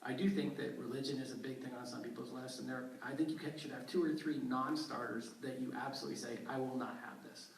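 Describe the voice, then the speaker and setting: A man co-hosting a lively talk show panel, teasing guests. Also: mid-range voice, fast, gravelly, hardly any pauses, a little hiss or hum. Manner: teasing, excitable. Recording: echoey room from far off, audience. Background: studio audience.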